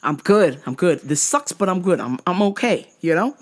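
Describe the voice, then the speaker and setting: A woman from New Jersey telling a story in a casual vlog, animated and profane. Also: on the low side, normal speed. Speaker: vlogger.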